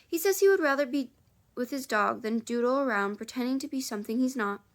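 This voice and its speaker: A woman's voice: a little high, a little fast. A woman casually reading a children's book aloud on camera, chatty, with offhand asides. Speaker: audiobook reader. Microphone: camera close up.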